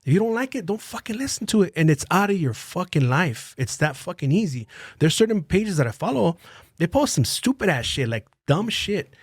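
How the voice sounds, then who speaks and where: A man on a podcast goes off in a heated, profane rant, his speaking voice sitting a touch high for a man. He circles back over the same phrases again and again as he builds his point. The sound is dry and close, with no room around it. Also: big pitch swings, brisk, slightly rough, dry recording. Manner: heated, swears constantly, repeats phrases. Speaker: podcast guest. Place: podcast studio.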